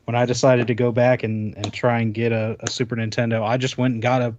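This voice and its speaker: A man's voice: mid-range voice, level tone, quick pace, a little mellow, highs cut off, slight background noise. A man co-hosting a podcast in casual chat, rambling with many restarts. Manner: rambling, full of restarts while showing off a console. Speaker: podcast co-host.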